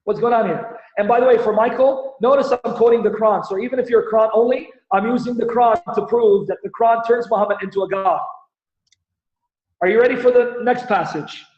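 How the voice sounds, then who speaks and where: A man with a strikingly high voice, hosting a live teaching stream and pressing his audience with one rhetorical question after another. The sound is dull and lo-fi, with a roomy echo around him. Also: fairly quick. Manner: animated, rhetorical questions, presses listeners for answers. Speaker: Christian apologist host. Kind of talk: livestream Bible-Quran debate teaching. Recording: echoey, dull lo-fi stream audio.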